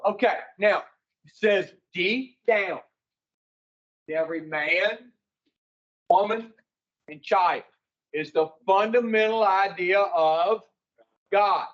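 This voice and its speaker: A man's voice: sits high, takes it slowly, pauses often, fairly bright tone, lo-fi sound. A man speaking to an addiction recovery group in a folksy, preaching way, putting rhetorical questions to his listeners.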